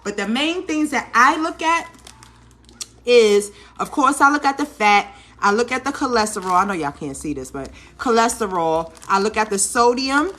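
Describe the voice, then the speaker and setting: A woman's voice: on the high side, expressive, normal speed, a bit bright. A woman vlogger and busy mom chatting casually while she cooks in her home kitchen, coaching viewers and checking in with "okay?" as she goes. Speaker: vlog host, busy mom. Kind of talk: casual cooking demo talk.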